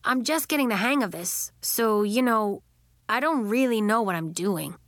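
A woman's voice: on the high side, lively intonation, moderate pace, fairly bright tone, no echo. Shy earnest boy, voiced by a woman for a storybook read; hesitant and polite, close dry sound. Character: shy, polite young boy who can't stop floating.

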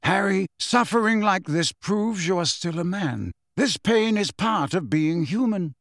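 A wise old wizard headmaster, unhurried and gentle, speaking slowly and softly, as a man voices him in an audiobook. The recording is dry and close. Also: high-pitched, dry recording, voice pushed up, full character voice. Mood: calm. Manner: calm, slow and gentle. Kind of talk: audiobook character voice.

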